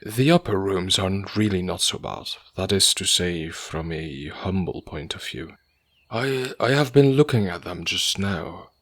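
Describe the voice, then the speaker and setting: A man voicing a soft, deferential middle-aged landlord who talks in a timid, apologetic way. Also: sits low, expressive, measured pace, no room sound, studio quality, exaggerated voice. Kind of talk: audiobook character voice.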